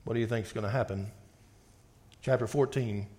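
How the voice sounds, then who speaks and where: Man, pastor, emphatic sermon, scripture reading, mid-pitched voice. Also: steady tone, normal speed. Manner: emphatic, swings between forceful outbursts and quiet reading.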